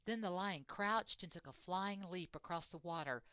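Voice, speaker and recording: A woman reading a picture book aloud, expressive and measured. Her voice sits on the lower side. The recording is dry and a little dull. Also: clean tone, no echo. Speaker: reader. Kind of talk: storybook reading.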